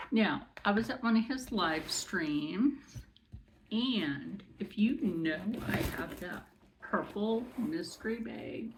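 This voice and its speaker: A woman talks her way through a makeup unboxing in a slow, unhurried, chatty ramble, full of asides and easy excitement. Her pitch is mid-range, and a faint hiss of noise sits under the recording. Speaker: beauty vlogger. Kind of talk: casual unboxing chat.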